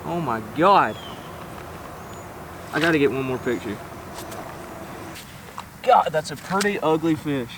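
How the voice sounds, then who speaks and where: A man vlogging outdoors by a small pond, shaky and keyed up, full of excited exclamations and coaxing the fish he's landing. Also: fairly high pitch, slow pace, pauses often, far from the mic, background noise. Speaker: fishing vlogger. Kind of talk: excited outdoor vlog commentary. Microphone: camera set up nearby.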